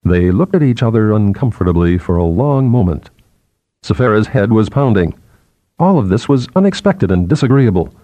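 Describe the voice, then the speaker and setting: A man narrating a novel in a measured, expressive way. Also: lowish voice, dry recording. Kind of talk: scripted audiobook narration.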